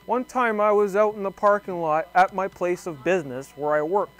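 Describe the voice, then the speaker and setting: A man's voice: high voice, normal speed, fairly bright tone. A young man with a wry, rambling way of talking, doing a comic monologue to camera. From Thunder Bay, Canada. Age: young adult. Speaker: segment presenter.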